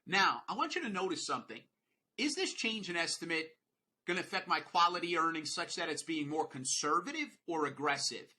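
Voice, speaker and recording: A man gives a recorded exam prep lecture in a sharp, forceful voice with a slight husky edge, pitched a little above the usual for a man. He drives points home by repeating rules and lightens things with playful jokes. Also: lively intonation, brisk. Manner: playful, joking asides between explanations; emphatic, repeats key rules.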